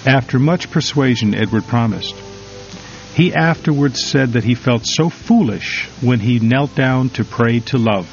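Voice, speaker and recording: A man reading a devotional story and reflection in a measured, solemn manner with drawn-out emphasis. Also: mid-range voice, creaky. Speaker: devotional reader. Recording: slightly dull recording over faint music.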